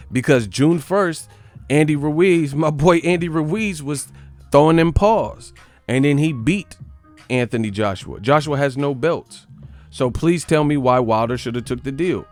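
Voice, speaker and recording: An American man hosting a boxing live stream, ranting in an animated, mocking, trash-talking way. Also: medium pitch. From United States. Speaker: boxing channel host.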